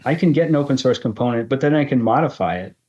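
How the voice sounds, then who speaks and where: A man's voice: mid-range voice, lively intonation, quick pace, darkish tone, dull audio. A man in his fifties, a guest in casual conversation, talking thoughtfully with many restarts.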